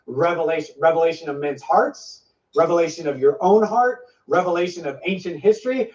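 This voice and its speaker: With a voice on the high side, brisk and a little mellow, a man delivers an informal prophetic teaching as a preacher sharing a prophetic word. He speaks emphatically, stacking repeated phrases, in a dull, somewhat distant lo-fi recording.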